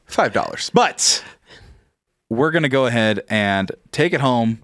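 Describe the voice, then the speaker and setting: A man co-hosting a comedy podcast, quick, joking and profane in casual banter. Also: medium pitch, lively intonation, a bit bright, no echo, clean studio sound. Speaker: podcast co-host.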